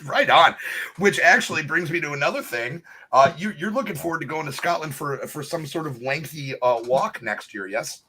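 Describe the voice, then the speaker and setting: A man's voice: on the high side, animated, moderate pace, sharp tone, slight background noise. A man co-hosting a live show, joking and teasing a guest in casual chat. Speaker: co-host.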